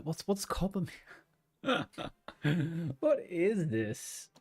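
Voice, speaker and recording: A man's voice: on the high side, big pitch swings, drawn-out words, husky, soft background music. A male streamer chatting casually while he plays, joking and rambling as he reads game text aloud. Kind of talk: casual gameplay chat.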